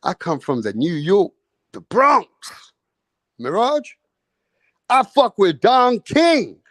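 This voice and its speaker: Guy doing a raging bronx loudmouth, bragging and cussing, shouty and high. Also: wildly swooping pitch, slow pace, dry recording, studio quality, full character voice. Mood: furious boasting. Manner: yelling, boastful, swearing. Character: furious loud-mouthed man from the Bronx.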